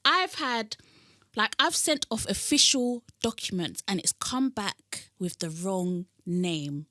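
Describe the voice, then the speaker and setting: Lively young woman chatting on a podcast. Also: medium pitch, slow pace, dry recording, studio quality. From London. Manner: animated, laughs often, indignant bursts. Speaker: podcast co-host. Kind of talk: casual chat.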